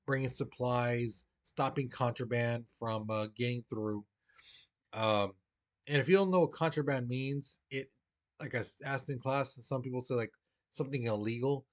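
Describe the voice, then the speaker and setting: Male teacher, mid-pitched voice, loose conversational lecture style, acts out quotes. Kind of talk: recorded history lesson.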